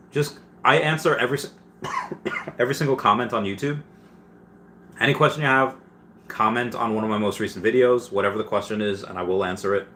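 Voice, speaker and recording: A man's voice: lowish voice, sharp tone, a little hiss or hum. A man hosting a casual livestream, reading viewer questions aloud and answering them with many fillers and restarts.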